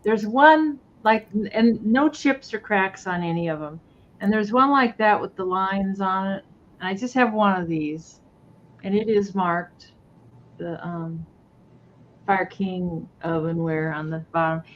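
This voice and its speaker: A woman's voice: mid-range voice, unhurried. Woman seller, chatty and rambling; muffled lo-fi audio, faint hiss. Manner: chatty, rambling, many fillers. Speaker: live sale seller. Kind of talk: casual live sale chat. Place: at home near the kitchen.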